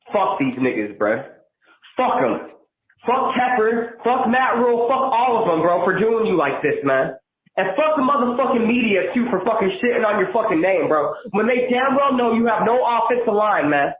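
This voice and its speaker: A man calling in by phone to a podcast, ranting angrily and cursing, often yelling. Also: sits high, big pitch swings, moderate pace. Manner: profane, yelling, heated. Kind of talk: angry fan rant over the phone. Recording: tinny phone line, echoey.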